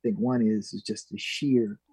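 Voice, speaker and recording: A man's voice: on the low side, a little slow, husky, dry recording. A man from Minnesota, a guest musician, telling a story in an interview and acting out the voices of the people in it. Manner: animated, acts out quoted voices.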